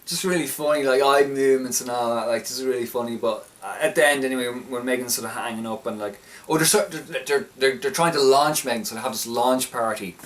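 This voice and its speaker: Speaking briskly with hardly any pauses, a young man at medium pitch rambles through an eager recap of a film he enjoyed, often starting his sentences over. He's a film reviewer, heard on a slightly distant mic with faint background noise.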